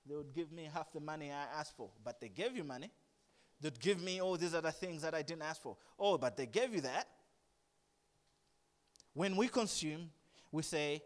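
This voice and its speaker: A man preaching a sermon, animated, swinging from hushed asides to loud emphatic bursts. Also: on the high side, normal speed. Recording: long reverb of a large hall.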